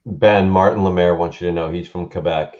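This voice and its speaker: A man's voice: low-pitched, fairly even intonation, fairly quick, darkish tone. A man co-hosting a casual live stream, easygoing and chuckling along. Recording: dull lo-fi sound.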